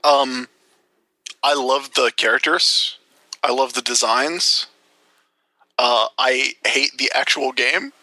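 Podcast cohost guy, super bright sharp voice, dry close sound, lots of ums and uhs. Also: mid-range voice, no echo, poor audio. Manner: laid-back, hesitant with many fillers. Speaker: podcast co-host. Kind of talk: casual chat.

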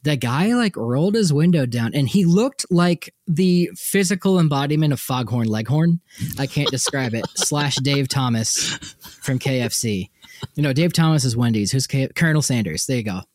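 A young man tells stories in a loose podcast chat, his pitch leaping around as he laughs his way through them. The sound is close and dry, with no room around it. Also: normal speed, no echo. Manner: animated, laughing, frequent likes and jumpy pitch. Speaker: podcast co-host. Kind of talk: casual storytelling chat.

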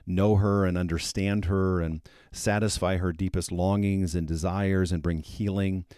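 A man's voice: low voice, steady tone, measured pace, warm tone, clean tone, dry recording, studio quality. A man hosting a faith podcast, giving an earnest devotional teaching on prayer and citing Bible verses as he explains them.

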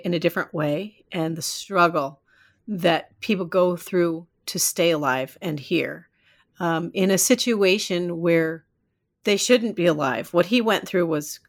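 A woman guest on a podcast, telling a personal story in an animated, rambling way and laughing often. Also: lowish voice. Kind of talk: storytelling in casual interview.

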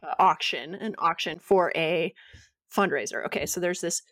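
A woman co-hosting a podcast, telling a story in a casual, animated way and acting out the quotes. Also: lowish voice, moderate pace, no room sound, studio quality. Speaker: podcast co-host, yoga teacher.

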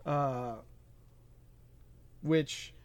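High-voiced man recapping a movie. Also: fairly even intonation, no echo. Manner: rambling, filler-heavy recapping with quick asides. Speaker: podcast host. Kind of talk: casual movie recap chat.

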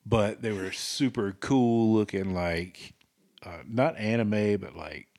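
A man co-hosting a casual podcast chat, rambling and laughing, often trailing off into quiet asides. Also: on the low side, slow. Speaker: podcast co-host.

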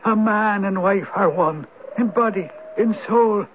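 An actor playing a mysterious old male spirit, a Viking turned Irish, in a 1970s radio drama. He speaks with an Irish accent in a husky, solemn and knowing way. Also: sits high, unhurried, slight background noise. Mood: wise, teasing. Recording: narrow, tinny old radio broadcast.

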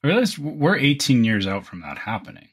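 A man co-hosting a podcast in casual chat, with a deep radio-announcer voice, rambling and restarting his sentences. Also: very animated, brisk, a bit bright, breathy edge. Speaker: podcast co-host.

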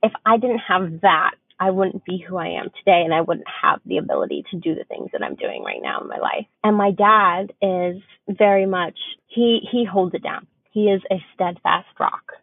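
With vocal fry and a slightly rough, fairly low voice, a young woman co-hosting a podcast talks at normal speed with big pitch swings and hardly any pauses. She's frank, swears freely, and chats casually with many fillers, and the recording is tinny, phone-like, and dry with no room sound.

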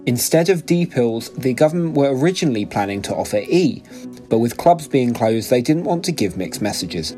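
A man hosting a comedy news podcast, reading scripted headlines with deadpan punchlines. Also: mid-range voice, moderate pace, soft background music.

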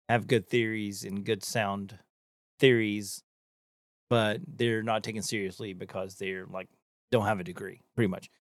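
A man's voice: on the low side, dry recording. Rambling man, dry close voice. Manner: rambling, many fillers and restarts. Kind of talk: casual chat.

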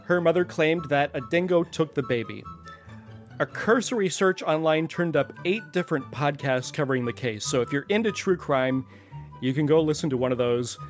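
A man hosting a podcast, talking in a chatty, digressive way and asking himself questions aloud. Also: fairly high pitch. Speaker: podcast host. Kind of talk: casual explanatory podcast talk.

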